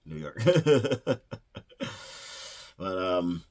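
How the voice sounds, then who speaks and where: A man with a low, deep voice talks through a movie's plot in a loose, casual way. He wanders and restarts his sentences, leaning on "you know" and "uh" as he goes. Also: steady tone, measured pace. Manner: rambling, many fillers and restarts; playfully acts out character lines. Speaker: movie reviewer.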